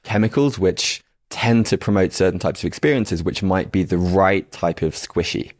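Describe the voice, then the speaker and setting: A man's voice: low-pitched, moderate pace, no room sound, studio quality. A man hosting a podcast, asking reflective questions in a hesitant, searching way with many fillers. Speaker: podcast host.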